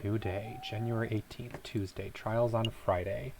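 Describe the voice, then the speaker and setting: A man's voice: on the low side, steady tone, unhurried, creaky, noisy background. A man casually commenting on his gameplay, muttering asides to himself and trailing into whispers. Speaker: let's play host.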